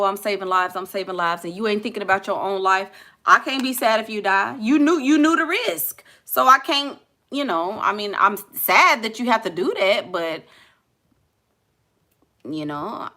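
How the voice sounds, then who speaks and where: Blunt, bright-voiced Southern woman chatting. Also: a little high, lively intonation, moderate pace. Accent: Southern US (Houston). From Houston, Texas. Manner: blunt, laughing, talks back to chat. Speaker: vlogger reading live comments. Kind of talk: casual chat.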